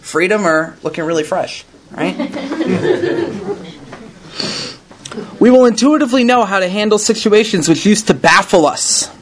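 A man's voice: high-pitched, lively intonation, measured pace, pauses often, noisy background. A man reading aloud and commenting to a recovery group, in an earnest, conversational way, often ending thoughts with "right?". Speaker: recovery meeting speaker.

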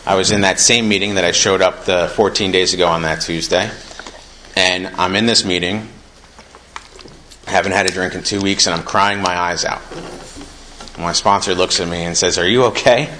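A man's voice: deep voice, steady tone, normal speed, pauses often, bright, forceful tone, a little hiss or hum, rough recording. A young man speaking earnestly at a recovery meeting, reading passages aloud from a book and reflecting on them in a conversational way.

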